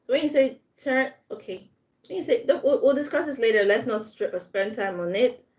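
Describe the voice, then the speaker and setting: A woman's voice: on the high side, expressive, brisk, darkish tone. A woman giving a live online English lesson, patiently modeling word stress and switching into French to explain. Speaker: English tutor.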